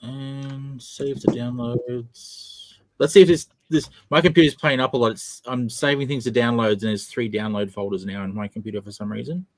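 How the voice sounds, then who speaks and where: A man's voice: mid-range voice, fairly even intonation, normal speed, no echo. A man hosting a casual live-stream chat, chatty and self-mocking. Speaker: host.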